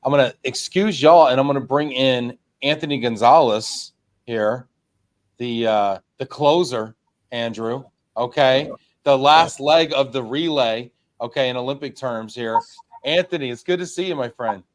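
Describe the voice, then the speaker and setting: A man's voice: medium pitch, measured pace. A male host runs a casual panel with a friendly, jokey touch. He often laughs at himself and stammers through restarts in a mid-range voice. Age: 30s or older.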